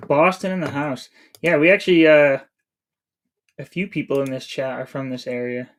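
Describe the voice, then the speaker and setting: A man in his thirties from New England, USA, chats casually with his live-stream chat while playing a game. His voice is a little high, with fairly even intonation at normal speed, and he reads chat messages aloud as he plays.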